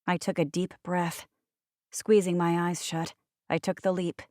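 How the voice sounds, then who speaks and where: A woman's voice: fairly low pitch, little pitch movement, unhurried, a little mellow, no echo. A woman narrating a first-person audiobook with wry, sardonic asides, recorded on a close studio mic.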